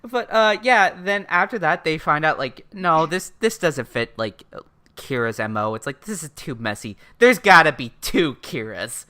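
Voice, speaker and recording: A woman's voice: low-pitched, lively intonation, moderate pace, sharp tone. A woman co-hosting a casual podcast recap, swearing freely and acting out characters' lines as she retells the plot. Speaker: podcast co-host.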